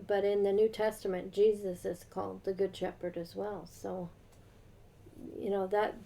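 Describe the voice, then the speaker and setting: A woman co-host reading scripture aloud slowly and deliberately, then discussing it. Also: mid-range voice, flat delivery, creaky, mellow. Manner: slow, measured reading aloud.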